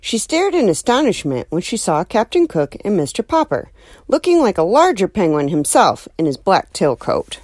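Animated woman reading a storybook. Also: mid-range voice, moderate pace, no room sound. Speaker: narrator. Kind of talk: audiobook reading of a children's novel.

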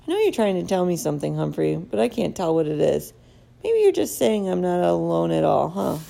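A woman's voice: lowish voice, very animated, fairly quick, creaky, mellow, slight background noise, full character voice. A woman voicing a jolly, talkative male night janitor in a storybook reading, with a chatty, jokey, friendly manner.

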